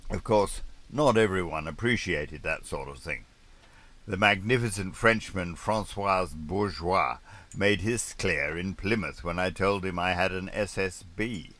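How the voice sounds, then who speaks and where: A man's voice: sits low, unhurried, a bit bright. A man narrating a sailing memoir as an audiobook, with dry, wry understatement.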